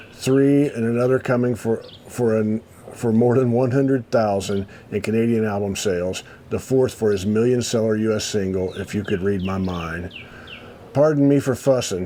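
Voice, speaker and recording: Male host, low voice, casual read-aloud with asides, faint room hiss. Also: darkish tone. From United States. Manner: reads haltingly, stops to comment. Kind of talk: casual chat, reading an old article aloud.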